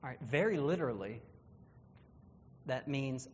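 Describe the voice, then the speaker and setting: A man's voice: high-pitched, lively intonation, normal speed, a little hiss or hum. A man teaching a Bible class, explaining in a conversational way and correcting himself as he goes. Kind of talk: classroom lesson with visual aids. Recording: dull, reverberant room recording.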